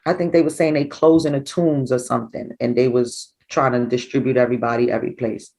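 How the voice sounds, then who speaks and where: A middle-aged woman, a grieving mother recounting events in an interview, animated and acting out what people said. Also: rumbling low, a little fast, poor audio. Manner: animated, acts out quoted dialogue. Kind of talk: emotional personal storytelling.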